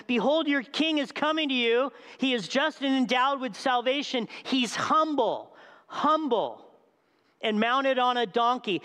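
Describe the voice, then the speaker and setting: High-voiced man preaching in a reverberant hall. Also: clean tone. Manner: animated, asks the crowd questions, acts out scenes. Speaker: pastor. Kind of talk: sermon.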